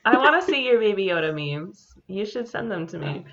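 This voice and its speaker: A woman's voice: mid-range voice, sing-song, brisk, a crowd in the background. A woman co-hosting a casual podcast, teasing and laughing often. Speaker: podcast co-host. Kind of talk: casual chat. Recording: muffled lo-fi podcast audio.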